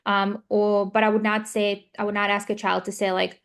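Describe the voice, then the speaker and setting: Speech therapist, woman, mid pitch, patient explainer, filler-heavy, video-call lecture. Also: level tone, moderate pace. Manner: explanatory, repeats points with example scenarios; frequent fillers like "um" and "like". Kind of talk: parent training lecture.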